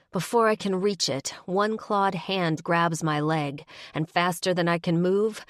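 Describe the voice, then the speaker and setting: Expressive woman reading an audiobook. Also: low-pitched, no echo, clean studio sound. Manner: expressive, dramatic inner monologue. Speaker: audiobook narrator. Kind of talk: first-person audiobook narration.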